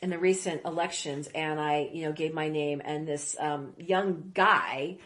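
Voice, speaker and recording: A woman guest who grew up in Iraq, telling stories in a casual interview, rambling with quick asides. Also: low-pitched, steady tone, a bit bright.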